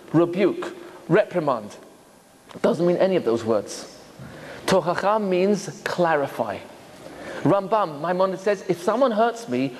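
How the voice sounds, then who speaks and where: A man's voice: sits high, in a large hall, slight background noise. A man, a rabbi, giving a lecture on Torah and acting out the voices he quotes. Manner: animated, acts out quoted voices.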